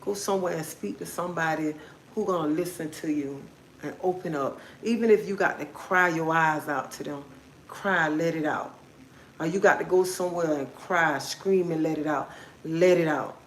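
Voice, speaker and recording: A woman's voice: low voice, normal speed, reverberant, a little hiss or hum, rough recording. A woman hosting a livestream, giving a repetitive, preachy, encouraging motivational talk. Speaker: livestream host.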